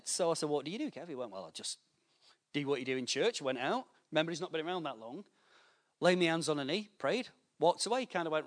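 Man preaching with lively stories. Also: on the high side, quick pace. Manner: storytelling with lively voiced anecdotes. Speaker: pastor. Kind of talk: sermon.

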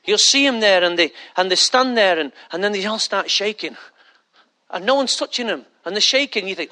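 Male pastor, high and bright, conversational sermon with rhetorical questions. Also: lively intonation, fairly quick.

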